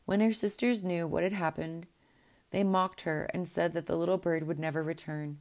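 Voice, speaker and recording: Gentle woman reading a storybook aloud. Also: lowish voice, fairly even intonation. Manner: gentle, unhurried reading with small restarts.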